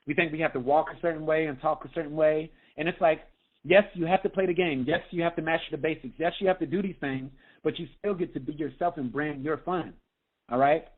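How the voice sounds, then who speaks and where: A man, a health coach, giving an energetic motivational talk on a group call, often checking in with "okay?". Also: a little high. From United States. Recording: tinny phone line.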